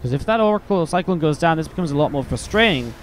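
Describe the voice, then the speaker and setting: Casual English esports caster. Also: male voice, a little high, lively intonation, fast talker, a little hiss or hum. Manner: chatty, casual asides between play calls. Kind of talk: live play-by-play game commentary.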